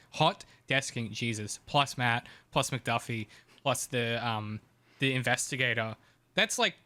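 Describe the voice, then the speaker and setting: A man's voice: medium pitch, pushed and bright. A man co-hosting a podcast in casual chat, chatty and profane with frequent ums. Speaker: podcast co-host.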